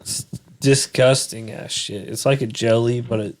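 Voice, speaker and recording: Young man with deadpan crude jokes. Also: mid-range voice, unhurried. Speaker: podcast co-host. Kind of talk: casual chat.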